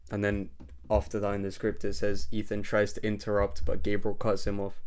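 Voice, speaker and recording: Man reviewing a film, casual and sweary, slightly low voice. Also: completely flat delivery, moderate pace, a little mellow, clear, resonant tone, no echo, studio quality.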